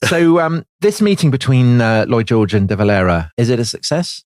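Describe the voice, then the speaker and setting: A man's voice: medium pitch, normal speed, no room sound, studio quality. A man co-hosting a history podcast, chatting in a wry, teasing way. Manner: wry, teasing, lively banter. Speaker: podcast co-host.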